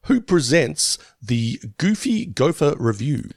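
Gravelly, lively-voiced man co-hosting. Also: fairly high pitch, slow, dry recording, studio quality. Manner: laughs often, animated. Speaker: podcast co-host. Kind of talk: casual podcast chat.

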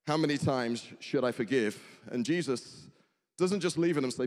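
A man's voice: on the high side, lively intonation, normal speed. A man preaching a sermon, earnest, asking the congregation rhetorical questions. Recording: long hall reverb.

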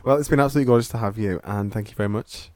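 Low-voiced hesitant host. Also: male voice, rapid-fire, a little mellow, a little hiss or hum. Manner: hesitant, filler-heavy, supportive. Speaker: podcast host. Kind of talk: casual interview chat. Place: podcast studio.

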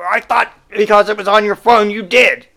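A man's voice: high voice, fairly even intonation, moderate pace, creaky, pushed and bright, voice pushed up, heavily acted. A man putting on a whiny, indignant customer. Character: huffy, clueless male customer with a broken phone.

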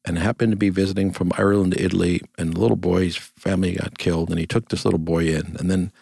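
A man's voice: low-pitched, level tone, fast, gravelly, warm tone, slightly rough, no room sound. An older man, a grandfather, telling stories earnestly as an interview guest in a reflective conversation. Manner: storytelling, earnest, repeats phrases in lists.

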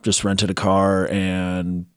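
Low-voiced man rambling a travel story. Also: monotone, slow, clear, resonant tone, no room sound, clean studio sound. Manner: rambling, filler-heavy storytelling. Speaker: podcast co-host. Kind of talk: casual chat.

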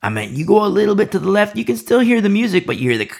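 A man's voice: sits high, big pitch swings, rapid-fire, vocal fry, darkish tone. A man preaching a Bible sermon, emphatic and repeating key phrases for emphasis.

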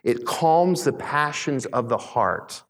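Slow, emphatic male pastor in a hall. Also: medium pitch, lively intonation. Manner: emphatic, slows on key words, asks the congregation questions. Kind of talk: sermon. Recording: long reverb in a large hall.

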